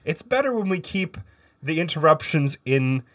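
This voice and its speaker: A man's voice: fairly high pitch, sing-song, normal speed, a bit bright. A man co-hosting a casual podcast, rambling with restarts, swearing and laughing a lot. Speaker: podcast co-host. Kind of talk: casual chat.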